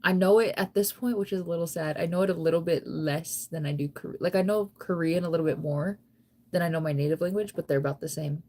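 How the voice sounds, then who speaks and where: A woman's voice: on the low side, fast talker. Sleepy young woman livestreaming. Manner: relaxed, rambling, heavy use of "like". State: sleepy, yawning. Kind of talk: casual late-night stream chat.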